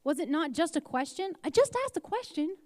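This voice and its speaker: A woman's voice: high-pitched, sing-song, fairly quick, darkish tone, no echo, clean studio sound, in a large hall, voice pushed up. A woman playing an exasperated shepherd boy. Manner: defensive, incredulous.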